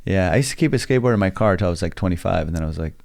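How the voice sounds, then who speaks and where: Man, gravelly voice, loose casual podcast talk, curses freely, studio mic. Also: low-pitched, expressive, racing, a little mellow. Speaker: podcast guest, comedian.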